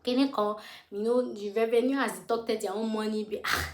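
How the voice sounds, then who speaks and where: A woman in her late twenties with a Nigerian English accent, retelling a story with animated, indignant emphasis and acted quotes. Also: fairly high pitch, fairly quick, roomy sound. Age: 20s. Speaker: vlogger. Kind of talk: storytelling to camera.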